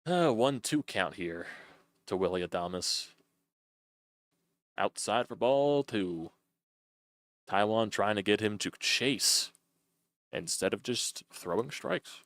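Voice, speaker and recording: A man's voice: fairly low pitch, animated, takes it slowly, long pauses, fairly bright tone, dry recording. A young man doing loose, chatty play-by-play on a live stream, swearing freely as he calls a baseball game.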